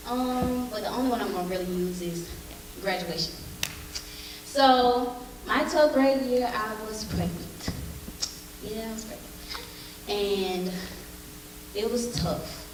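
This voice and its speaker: A woman's voice: mid-range voice, background noise. Woman telling her story in echoey hall. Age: 20s. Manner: chatty, addresses audience directly. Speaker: alumna speaker and singer. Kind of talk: personal story at a showcase. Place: school auditorium with audience. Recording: echoey hall, distant mic.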